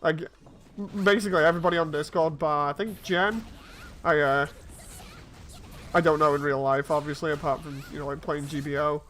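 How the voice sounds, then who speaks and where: A man's voice: on the high side, fairly even intonation, moderate pace, long pauses, a bit bright, slight background noise. A man in his thirties, chatting casually and telling rambling stories while streaming a game. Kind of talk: casual chat while playing.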